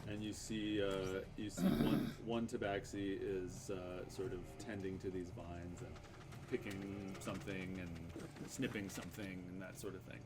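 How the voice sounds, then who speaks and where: A man running a tabletop game as game master, describing scenes with many pauses and fillers. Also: low-pitched, flat delivery, loud music behind the voice. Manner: hesitant, many fillers, chuckling. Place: backyard or living room, home table. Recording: noisy home table recording.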